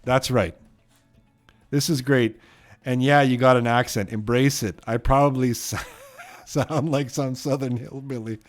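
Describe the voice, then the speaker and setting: A man with a Canadian accent, hosting a trivia live stream in a casual, rambling way that often trails off quietly. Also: mid-range voice, fairly even intonation, unhurried, long pauses, soft background music.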